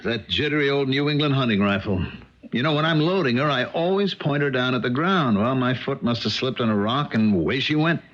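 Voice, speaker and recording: An actor playing a haunted former convict tormented by a lost memory, in a 1970s radio drama. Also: male voice, medium pitch, brisk, close to an everyday voice. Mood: relaxed. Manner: anguished, shouting. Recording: dull old radio broadcast.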